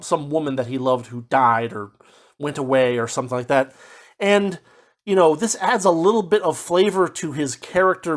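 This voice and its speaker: A man giving a casual spoken book review, rambling with lots of fillers and restarts, now and then slipping into quick mock voices as he paraphrases. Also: on the high side. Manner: puts on brief mock voices when paraphrasing.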